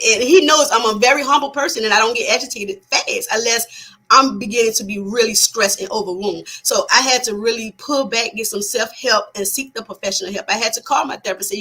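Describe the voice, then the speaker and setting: A woman's voice: a little high, a little fast, sharp tone, slightly rough, rough recording. A woman psychotherapist talking as a guest in a casual interview, earnest, with frequent restarts and repeated words.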